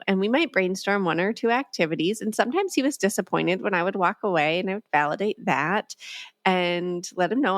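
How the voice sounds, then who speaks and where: Calm, measured woman guest, dry sound. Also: on the low side, no room sound. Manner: calm, measured, gentle when speaking to a child. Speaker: guest, emotional development expert. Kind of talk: conversational podcast interview.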